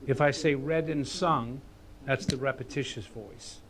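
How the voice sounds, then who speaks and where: A man teaching writing in a casual, animated way, acting out voices as he explains. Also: mid-range voice, measured pace, crowd noise. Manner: animated, acts out voices and hums melodies.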